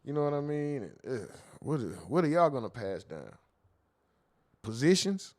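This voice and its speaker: A man's voice: mid-range voice, very animated, normal speed, darkish tone. A man hosting a casual livestream, reading chat comments aloud and joking about them.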